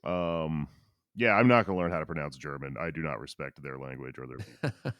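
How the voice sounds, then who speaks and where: A man's voice: extremely low pitch, a little fast, a bit bright, dry recording, clean studio sound. A man co-hosting a podcast, talking in a rambling, jokey and profane way. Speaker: podcast co-host. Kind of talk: casual chat.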